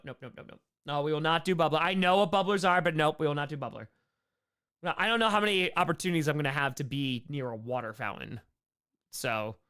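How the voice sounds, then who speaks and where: A young man with a New York accent talks fast and playfully, reading viewer questions aloud and riffing on the answers. His voice sits a little high and comes through smooth and clear. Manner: fast, animated, playful, reads chat aloud. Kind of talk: casual live Q&A chat.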